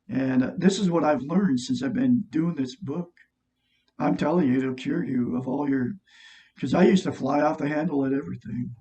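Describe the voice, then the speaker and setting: Man, high voice, casual rambling talk, book reading, dull sound, off the mic. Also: darkish tone, far from the mic. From Oregon, USA. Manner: rambling, repeats himself, laughs while telling stories. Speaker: vlogger reading and commenting on a self-help book. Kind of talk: casual reading and chat to camera.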